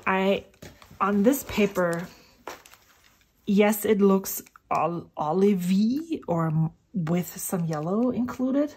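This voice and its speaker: A woman's voice: mid-range voice, darkish tone, a little hiss or hum. A middle-aged woman rambling casually about inks as she swatches at her desk at home, thinking aloud and sometimes dropping to a whisper. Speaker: fountain pen vlogger.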